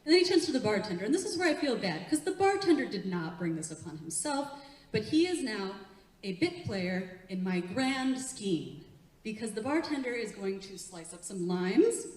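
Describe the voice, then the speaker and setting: A woman's voice: medium pitch, big pitch swings, moderate pace, darkish tone. A young woman doing a live stand-up set, chatty, laughing often and working the crowd from a theatre stage. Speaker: stand-up comedian. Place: theatre stage before an audience. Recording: echoey room, heard from a distance.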